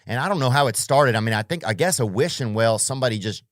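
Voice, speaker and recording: A man's voice: mid-range voice, expressive, quick pace, dry recording, studio quality. Rambling, profane male comedian. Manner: profane, rambling, full of restarts and tangents; slangy. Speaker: comedian and podcast host.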